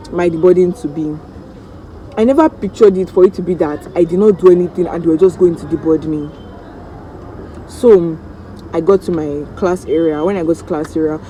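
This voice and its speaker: A Nigerian woman vlogger telling a story-time tale in an animated, dramatic way, acting out the voices of the people in it. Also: on the low side, slight background noise, poor audio.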